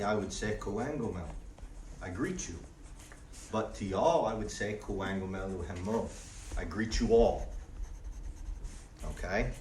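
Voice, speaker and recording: A man teaching a language class in a relaxed way, often checking in with the students by asking "okay?". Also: on the low side, a little hiss or hum. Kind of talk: classroom lesson. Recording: roomy, distant audio with faint background ambience.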